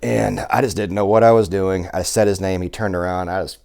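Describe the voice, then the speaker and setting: Deep-voiced man telling rough-edged stories. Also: fairly quick, hardly any pauses. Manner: animated, swears freely, acts out quoted people. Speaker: survival instructor, podcast guest. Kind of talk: casual storytelling chat.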